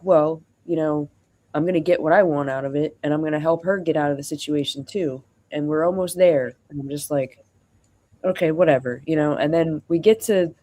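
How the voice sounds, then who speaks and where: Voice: medium pitch, warm tone. A streamer venting in a rambling, casual story, acting out both sides of a conversation between frequent fillers. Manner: rambling, acts out quoted dialogue, frequent fillers.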